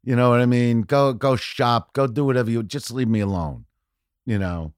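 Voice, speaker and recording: A man telling stories as a podcast guest, profane and rambling, saying "you know" constantly and often building to loud punchlines. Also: mid-range voice, normal speed, smooth, no room sound, clean studio sound. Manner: animated, often shouting punchlines. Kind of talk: casual storytelling chat.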